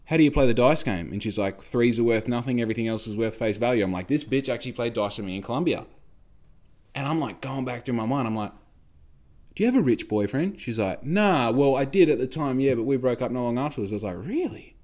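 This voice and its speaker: A man's voice: mid-range voice, expressive, fast talker, darkish tone. A young Australian man telling a rambling story in casual chat, swearing freely and acting out the voices of the people he quotes.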